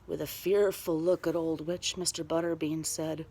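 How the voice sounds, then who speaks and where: A woman telling a children's story aloud, very expressive and dropping to a whisper at spooky moments. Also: on the low side, moderate pace, hardly any pauses, slightly rough.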